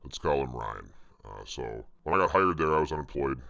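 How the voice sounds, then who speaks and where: A man's voice: very deep voice, expressive, brisk, vocal fry, a bit bright, lo-fi sound. A man casually telling rambling, profane stories from his restaurant job. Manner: profane, rambling, self-mocking. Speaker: vlogger telling work stories. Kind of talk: casual storytelling.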